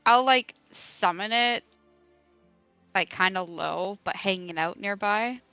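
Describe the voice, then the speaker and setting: A woman's voice: mid-range voice, takes it slowly, bright, forceful tone, smooth, no room sound, lo-fi sound, faint music behind. A woman playing a tabletop game, giggling and hesitating as she describes her moves. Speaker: player.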